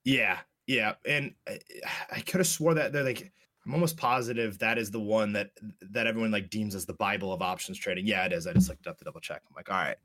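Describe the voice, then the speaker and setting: A man's voice: on the low side, quick pace, no echo, studio quality. A young man casually telling a story, swearing often and acting out both sides of a conversation. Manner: profane, animated storyteller, acts out dialogue.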